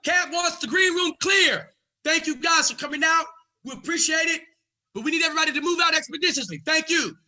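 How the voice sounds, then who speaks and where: A man putting on a male security guard who clears a room with loud announcements. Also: a little fast, heavily acted. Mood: commanding. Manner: booming, announcing.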